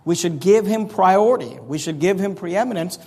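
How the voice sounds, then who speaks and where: A male pastor delivers a sermon in an earnest, plain-spoken teaching manner, often restarting his phrases. His voice sits slightly higher than most men's. The sound carries the long reverb of a large hall. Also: normal speed, darkish tone.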